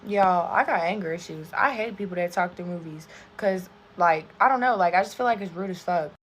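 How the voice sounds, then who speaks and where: A young woman in her twenties telling a storytime while getting ready, animated and swearing constantly. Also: on the low side, brisk, a little hiss or hum. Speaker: TikTok storyteller. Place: bedroom.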